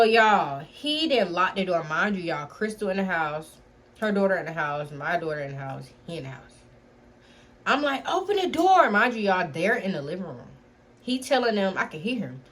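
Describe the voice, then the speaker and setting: A young woman storytime vlogger tells a personal story to camera in a casual vlog, speaking animatedly and directly to her viewers. She says "y'all" constantly and swears freely, in a medium-pitched voice.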